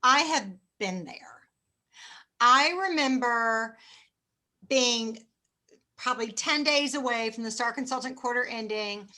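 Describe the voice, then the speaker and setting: Bright-voiced middle-aged woman coaching sales. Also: a little high, measured pace, long pauses. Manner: chatty, self-mocking, acts out phone scripts. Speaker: direct sales trainer. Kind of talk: motivational sales training talk.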